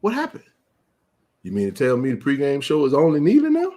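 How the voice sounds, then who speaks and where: Impassioned high-voiced man ranting. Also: wildly swooping pitch, brisk. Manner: impassioned ranting, rising to shouts. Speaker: sports talk show host. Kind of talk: heated live sports chat.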